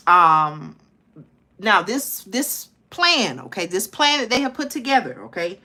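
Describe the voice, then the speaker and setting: A woman's voice: mid-range voice, sing-song, unhurried, bright, forceful tone. A woman hosting her own live stream, reading a news report aloud and breaking in urgently, repeating herself and asking her viewers to listen. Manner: urgent, repeats herself, says "okay?" and "listen, y'all" often. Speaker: channel host.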